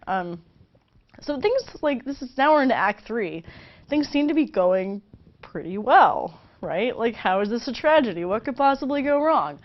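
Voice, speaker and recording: A woman's voice: fairly high pitch, big pitch swings, normal speed, faint music behind. A woman teaching a casual literature lesson in a chatty, playful way, full of fillers. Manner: chatty and playful, many fillers, laughs often. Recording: slightly dull lo-fi recording.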